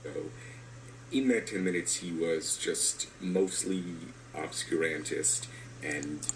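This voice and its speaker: Deep voiced dude, calm n hesitant, lotta uhs, bit of hiss behind. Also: male voice, low-quality recording. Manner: measured, hesitant, with fillers. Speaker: critic in a video being answered. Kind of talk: spoken video commentary.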